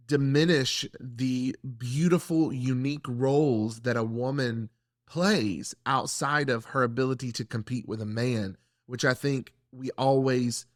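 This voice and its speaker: A man hosting a faith-based discussion, speaking in an earnest, measured and reflective way. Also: medium pitch, no echo, studio quality. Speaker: church podcast host.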